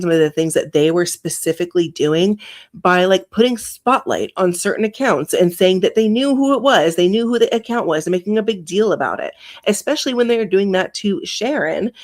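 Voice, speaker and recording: A woman hosting a casual online chat, talking in a loose, filler-heavy way. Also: on the low side. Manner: conversational, many fillers like "you know".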